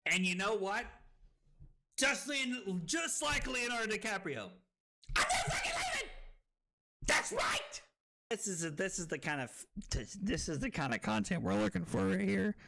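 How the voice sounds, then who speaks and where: Lively, bright-voiced young woman streamer. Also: medium pitch, vocal fry. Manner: animated, excitable, quick to laugh and shout. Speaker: streamer and tournament commentator. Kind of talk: live stream card game commentary.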